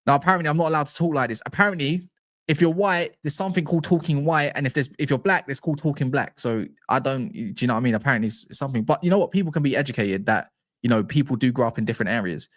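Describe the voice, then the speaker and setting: Man, animated livestream host; mid pitch, dry close sound. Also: no echo. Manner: animated, slangy, quick restarts, stumbles over names. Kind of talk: casual livestream chat reading live comments.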